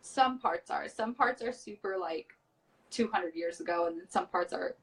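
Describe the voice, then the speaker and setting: A woman's voice: on the low side, normal speed. A tired woman from the United States, a reality show guest, chatting bluntly and swearing casually on a live stream from a small storage room. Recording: voice from far off the mic.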